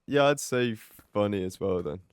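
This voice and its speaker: A young man from England chimes in with quick jokes on a casual podcast. His pitch rises and falls in a lively way. The recording is dry and close. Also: smooth, dry recording. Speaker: podcast co-host. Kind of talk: casual chat.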